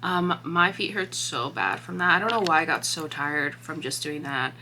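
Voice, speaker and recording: A young woman vlogging casually about a book she is reading, talking in an animated way, laughing often and swearing freely. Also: deep voice, moderate pace, a little hiss or hum. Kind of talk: casual vlog chat.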